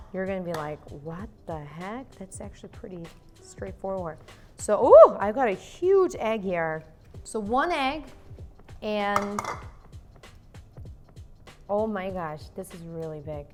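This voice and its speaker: A young woman talks her viewers through a recipe in her home kitchen, chatty and playful, with jokey asides. Her voice sits at a middle pitch, and soft music plays faintly behind her. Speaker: cooking channel host. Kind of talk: casual cooking demonstration.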